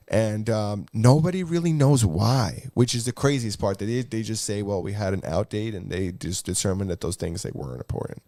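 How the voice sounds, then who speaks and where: Gravelly low-voiced man chatting casually. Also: moderate pace, hardly any pauses, mellow, no echo, studio quality. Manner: laid-back, filler-heavy, swears casually. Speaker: podcast co-host. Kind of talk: casual chat.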